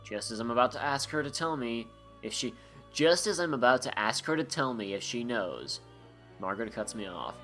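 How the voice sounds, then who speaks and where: A man giving let's-play commentary, reading game dialogue aloud and breaking off into joking, sarcastic rambles. His pitch sits in an ordinary middle range. Faint game music plays behind him. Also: animated, moderate pace, a bit bright. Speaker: gameplay commentator.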